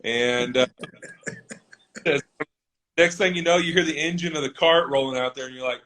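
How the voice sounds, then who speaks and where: A man's voice: on the high side, normal speed, pauses often, bright, forceful tone. Earnest man telling a story. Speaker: NFL offensive lineman, guest. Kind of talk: conversational interview.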